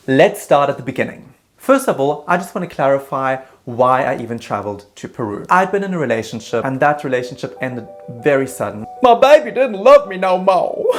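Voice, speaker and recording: Male vlogger, mid pitch, animated comic storyteller, self-deprecating, faint music underneath. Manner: animated, self-mocking, jumps into quick put-on voices. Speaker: travel storyteller. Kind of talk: comedic travel story vlog.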